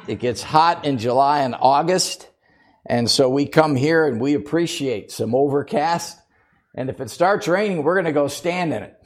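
An older man, a guest preacher in a church, opening his sermon with chatty, folksy jokes and laughing at his own punchlines. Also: mid-range voice. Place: church sanctuary.

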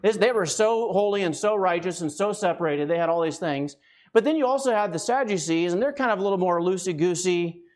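A man's voice: high-pitched, fairly quick, darkish tone. A man from the United States preaching a conversational sermon as a guest, often checking in with the congregation, a bit winded. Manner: conversational, keeps asking "right?".

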